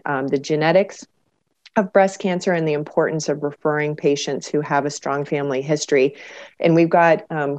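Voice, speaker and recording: A woman's voice: low voice, darkish tone. A woman researcher answering interview questions in an explanatory way, with frequent fillers. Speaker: cancer researcher guest.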